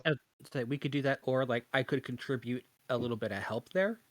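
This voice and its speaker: A man playing in a tabletop game, low-key and laid-back. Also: fast talker, crowd noise, poor audio. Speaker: player. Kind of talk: casual tabletop play.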